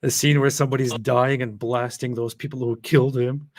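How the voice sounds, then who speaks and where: A man's voice: mid-range voice, flat delivery, brisk, no echo. Sarcastic, chuckling male stream host. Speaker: live-stream host reading chat. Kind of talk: casual live-stream commentary.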